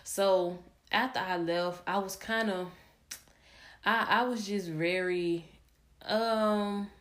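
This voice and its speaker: Young female podcast host, low voice, candid rambling storyteller. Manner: candid, rambling, many fillers and restarts. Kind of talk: personal storytelling.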